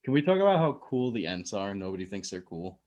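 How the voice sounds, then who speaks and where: A man with a fairly low voice co-hosts a casual podcast. He talks in a laid-back way and keeps offering blunt, offhand opinions. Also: very animated, quick pace, a little mellow, dull audio. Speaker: podcast co-host. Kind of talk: casual chat.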